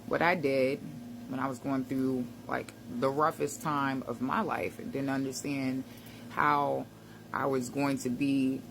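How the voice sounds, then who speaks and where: A woman's voice: extremely low pitch, flat delivery, a little slow, vocal fry, noisy background. A woman giving a casual motivational talk to camera, conversational and reflective, with slang and frequent laughs. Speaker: self-help vlogger.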